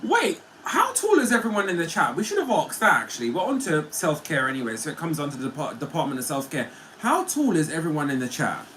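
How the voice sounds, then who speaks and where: A man's voice: fairly high pitch, sing-song, quick pace, few pauses, fairly bright tone, a little hiss or hum, low-quality recording. A man hosting a casual livestream, chatting playfully with viewers and reading their comments. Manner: chatty and playful, often laughing. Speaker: livestream host.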